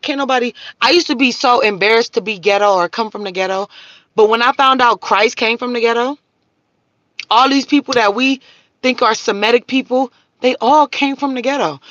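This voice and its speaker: A woman holds forth on her livestream, blunt and profane, lecturing the viewers who comment. Her voice is bright and forceful, close and dry, with dull lo-fi stream audio. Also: fairly high pitch, dry recording. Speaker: livestream host. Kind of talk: casual livestream rant.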